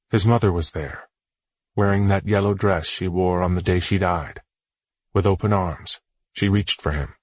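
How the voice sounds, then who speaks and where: A man narrating an audiobook in a measured, solemn storytelling voice. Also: deep voice, husky, no echo.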